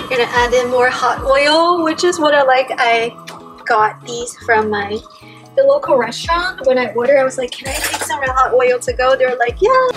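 An enthusiastic young woman talks casually through a grocery haul and cooking session in her kitchen. Her voice sits a little high, and she stacks up words for emphasis. Background music plays clearly under her talk. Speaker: vlogger. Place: home kitchen. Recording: music playing behind.

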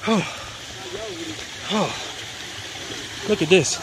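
A man's voice: high voice, expressive, extremely slow, noisy background. A man vlogging outdoors while climbing a mountain trail, out of breath and puffing, talking casually and joking. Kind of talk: casual vlog narration while hiking.

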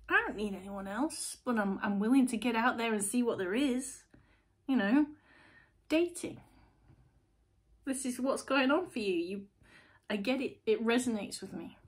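A woman hosts a casual tarot reading, talking straight to her viewers in a chatty, blunt, animated way. Her voice sits a little higher than most women's and moves easily between brisk asides and relaxed explanation. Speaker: tarot reader, channel host.

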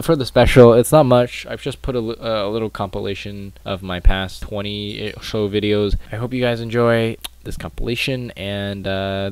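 A young man doing casual gaming commentary, joking around and yelling and swearing in panic. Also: on the low side, clean tone, no echo. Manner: jokey, screams and swears in panic. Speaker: gaming youtuber. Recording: music playing behind.

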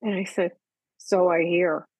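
A woman's voice: on the low side, steady tone, a little slow, a little mellow, slightly rough, no room sound, low-quality recording. An older woman, a guest animal communicator, telling personal stories in casual chat and acting out the voices she quotes.

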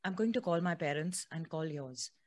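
A woman's voice: deep voice, normal speed, darkish tone. A woman podcast host, chatting with her guest then reading a book excerpt aloud.

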